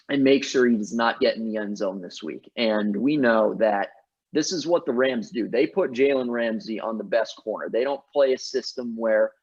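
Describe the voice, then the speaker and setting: A man's voice: medium pitch, husky. A man co-hosting a sports podcast, arguing his picks emphatically in casual chat. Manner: emphatic, argues his picks with many restarts. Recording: dull lo-fi audio.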